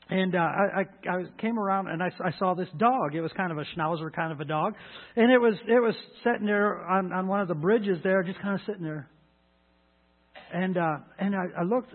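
A middle-aged man pastor telling a folksy, halting personal story in his sermon, voicing people with raised shouts. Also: sits high. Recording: echoey hall, phone-like sound.

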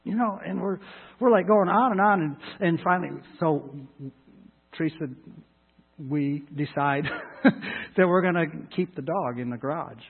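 Middle-aged male pastor, high husky voice, rambling folksy sermon story, thin phone-like sound. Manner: folksy, halting storytelling with many restarts. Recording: echoey hall, phone-like sound.

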